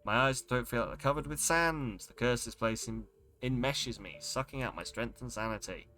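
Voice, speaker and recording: A man's voice: mid-range voice, moderate pace, bright, forceful tone. A man streaming a game, reading its text aloud in a dramatic way and breaking off with startled exclamations. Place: home streaming setup.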